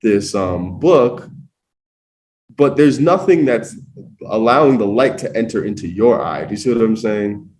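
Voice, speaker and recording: A man's voice: on the low side, animated, a little slow, darkish tone. A man co-hosting a podcast in casual chat, dry and teasing, explaining things with frequent restarts. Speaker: podcast co-host.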